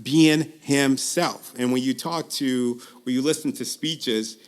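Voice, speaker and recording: A man working as a public speaking coach, giving a casual, earnest pitch straight to the viewer, with frequent ums, restarts and repeated phrases, his pace speeding up and slowing down. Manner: uneven pace, speeds up and slows down. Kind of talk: casual direct-to-camera pitch.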